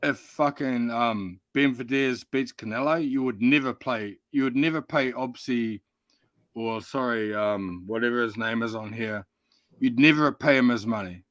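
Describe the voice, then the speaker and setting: A man's voice: mid-range voice, normal speed, a bit bright, no echo. A man who sounds drunk, heckling and taunting others in a heated panel chat while talking over them.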